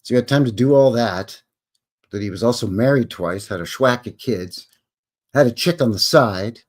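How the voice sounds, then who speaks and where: A man's voice: medium pitch, moderate pace. Man, live stream host; casual, rambling, wry and skeptical, reads aloud between asides. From Canada. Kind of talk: live stream commentary, reading articles aloud.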